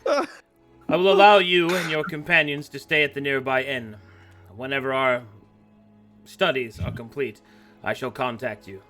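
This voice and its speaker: A man's voice: mid-range voice, bright, forceful tone, soft background music. A man doing a stern, formal temple official. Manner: formal, measured speech.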